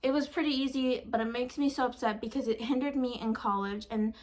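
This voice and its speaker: A woman's voice: a little high, fairly even intonation, a little fast. A young woman in her twenties chatting casually, retelling an exasperating story with lots of quoted dialogue. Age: 20s. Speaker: vlogger. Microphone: phone camera.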